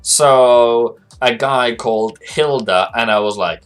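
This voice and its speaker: A forex trading analyst hosts a casual trading livestream, speaking slowly in a medium-pitched, clean-toned voice with faint music behind. He rambles chattily and reads viewer messages aloud.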